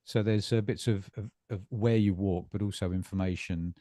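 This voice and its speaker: A middle-aged man co-hosting a casual bookstore chat, talking in halting bursts with lots of fillers and repeated words. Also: on the low side, steady tone, dark tone. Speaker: bookstore staff co-host.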